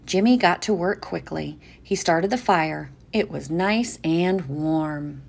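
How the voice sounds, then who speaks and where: A woman reading a children's picture book aloud, expressive. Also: fairly low pitch, slow, creaky. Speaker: storyteller.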